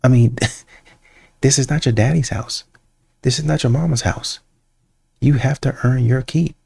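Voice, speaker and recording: Gravelly man ranting in reaction commentary. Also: medium pitch, a little slow. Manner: animated, acts out quoted voices.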